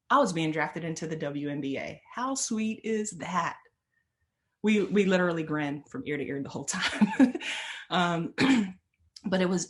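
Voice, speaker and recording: A woman with a somewhat low voice delivers a personal motivational talk. She speaks with earnest conviction and builds her points by repeating phrases.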